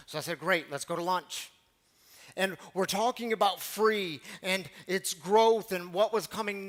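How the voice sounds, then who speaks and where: A man's voice: high-pitched, a bit bright. A male pastor from Missouri giving a conversational, storytelling sermon to his congregation, with asides to the listeners.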